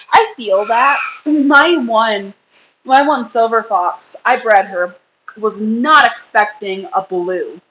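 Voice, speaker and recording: A woman's voice: medium pitch, background noise. A woman in her thirties hosting a casual livestream chat, rambling and reading comments while feeding her kids. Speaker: livestream host and rabbit breeder.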